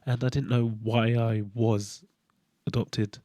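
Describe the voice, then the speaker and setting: A man hosting his own channel, talking through a candid personal monologue in a halting way, often restarting as he searches for words. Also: mid-range voice, little pitch movement, warm tone, dry recording. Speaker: channel host.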